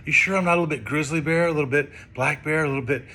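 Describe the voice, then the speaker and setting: A man's voice: on the high side, racing, sharp tone. A man voicing a small, curious baby polar bear boy, asking anxious questions in a slightly raised voice. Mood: pleading.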